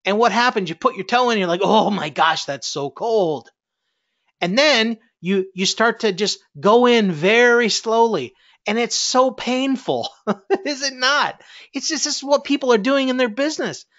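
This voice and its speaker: A man's voice: extremely high pitch, normal speed, fairly bright tone, lo-fi sound. A middle-aged man, a network marketing coach, giving a fiery, preachy motivational talk and challenging his listeners.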